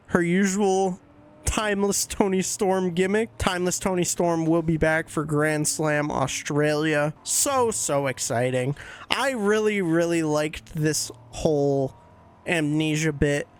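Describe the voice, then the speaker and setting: A young man casually recapping wrestling shows as a podcast host, excitable and swearing freely, jumping into quick voices when he quotes people. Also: on the high side.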